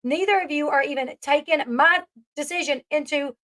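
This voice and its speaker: A woman's voice: high voice, normal speed, a bit bright, soft background music. A woman recapping a reality show in a chatty, casual way, often laughing at the scenes she retells. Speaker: commentary host.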